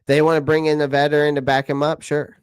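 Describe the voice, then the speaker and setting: A chatty man answers viewer comments on a casual live stream. He keeps circling back and repeating his points. His voice is smooth and clear in a dry, close room. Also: on the high side, level tone, quick pace, dry recording. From South Carolina. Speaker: channel host answering live chat.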